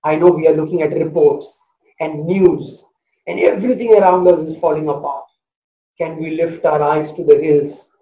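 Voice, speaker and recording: A man in his forties from India preaching a sermon as pastor, swinging between loud proclamation and a soft hush. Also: fairly high pitch, steady tone, moderate pace, reverberant, low-quality recording. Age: 40s.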